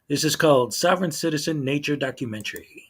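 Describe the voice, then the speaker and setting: A man's voice: a little high, expressive, fast talker, husky. Rambling man hosting a channel livestream. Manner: rambling, many fillers and restarts. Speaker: YouTube channel host. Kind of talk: casual livestream chat.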